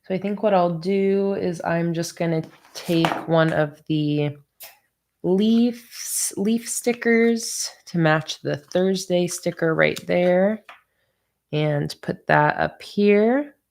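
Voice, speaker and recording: Her voice is lowish and darkish, and she speaks at a slow pace. This bullet journal livestream host sounds sleepy and keeps yawning, casually chatting with viewers about her planning as she crafts and thinks out loud.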